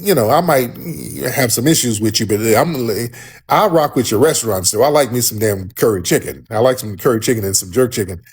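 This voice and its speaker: Husky, combative livestream host. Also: male voice, medium pitch. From United States. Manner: combative, profane, mocking. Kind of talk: livestream commentary.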